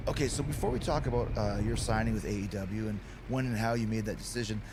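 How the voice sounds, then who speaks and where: Male podcast host over loud traffic noise. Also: on the low side, quick pace. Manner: relaxed, with short listening murmurs. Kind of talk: casual interview hosting.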